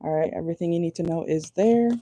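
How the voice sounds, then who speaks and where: Mellow-voiced woman doing chatty tarot reading. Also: on the low side, fast talker, a little hiss or hum. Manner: chatty, laughs often, blunt and crude. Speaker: tarot reader. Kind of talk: casual channeled tarot reading.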